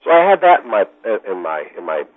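Man telling a lively rambling story. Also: deep voice, fast, no room sound. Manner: animated, rambling, fond of repeating himself. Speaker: podcast guest. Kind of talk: casual storytelling. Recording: dry, phone-like lo-fi sound.

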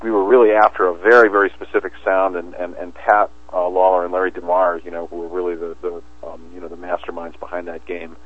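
A man's voice: low-pitched, little pitch movement, fast, few pauses. A man talking as an interview guest in a rambling way, with many restarts and fillers. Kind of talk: casual interview talk. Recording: tinny phone line, dry.

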